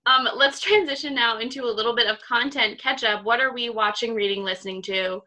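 A bright-voiced young woman in her twenties, chatting with friends over a video call. She tells her stories in an animated, fired-up way, and her voice sits a little high. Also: fairly quick. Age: 20s. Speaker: podcast co-host. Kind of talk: casual chat among friends on a video call.

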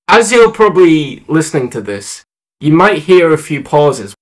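A man hosts a casual podcast with friends, joking around as he talks. His voice sits high and leaps all over the place. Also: big pitch swings, moderate pace. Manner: playful, jokey, opens with a mock American accent. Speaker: podcast host.

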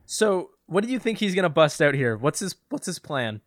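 Excitable high-voiced young man. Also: moderate pace, no room sound, clean studio sound. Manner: excitable, laughs often, swears. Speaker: co-host. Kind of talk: casual movie reaction chat.

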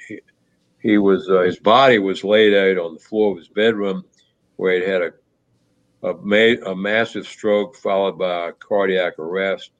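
Man, lower register, hesitant storyteller, muffled recording. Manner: halting, many restarts and fillers. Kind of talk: reflective conversational storytelling. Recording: muffled low-fidelity audio.

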